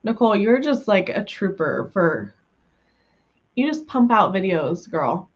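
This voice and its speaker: A woman's voice: mid-range voice, sing-song, unhurried, breathy edge, highs cut off. A woman from the US West Coast chatting casually with viewers on a livestream, giggly and full of fillers, just over being sick. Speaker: livestream host.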